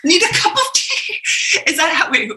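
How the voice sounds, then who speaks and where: A woman's voice: very high-pitched, big pitch swings, normal speed, pushed and bright. Woman facilitator, upbeat and playful, calls on people by name; video call audio in an echoey room. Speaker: facilitator leading a warm-up game.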